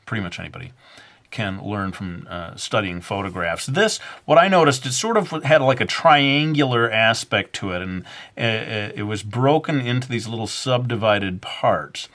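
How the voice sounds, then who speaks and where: A man's voice: fairly low pitch, animated, normal speed, fairly bright tone. A man narrating a drawing tutorial in a loose, rambling way, full of fillers and little self-deprecating jokes. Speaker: drawing instructor.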